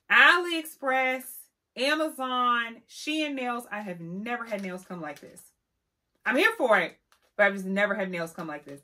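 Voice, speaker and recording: A young woman vlogger reviewing press-on nails in a sassy, expressive way, calling her viewers honey. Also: mid-range voice. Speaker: beauty vlogger. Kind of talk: casual product review.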